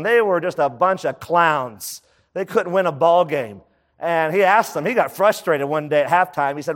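Man, pastor, sermon, animated, slightly high voice, long reverb. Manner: animated preaching with rhetorical questions.

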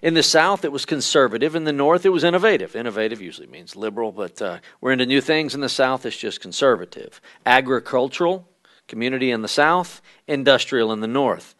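A man giving a conversational church history lesson at a midweek church service, often pausing with fillers and reading quotations aloud. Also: medium pitch, animated, a bit bright.

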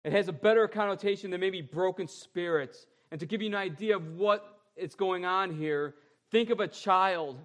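A man preaching a sermon as a pastor, drawing out repeated phrases and moving between loud stresses and quiet asides. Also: sits high. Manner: emphatic, drawn-out repeated phrases, shifting between loud and soft.

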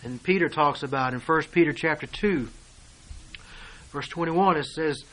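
A man preaching a sermon, reading and explaining scripture verse by verse and swinging between hushed asides and loud declarations. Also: fairly high pitch, normal speed, rough recording.

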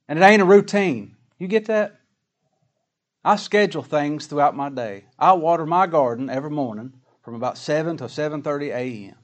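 A man delivers a sermon in a folksy, plain-spoken way, firing off rhetorical questions at his listeners. His voice sits a little high for a man. When he reads scripture he slows right down and leans on each word. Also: animated. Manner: folksy preaching, rhetorical questions, slow emphatic scripture reading. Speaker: pastor.

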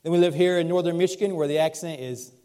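A man's voice: on the high side, quick pace, dark tone. A male pastor with a mixed Southern US accent, preaching a sermon in a church in a conversational way with light asides. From Southern United States. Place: church sanctuary.

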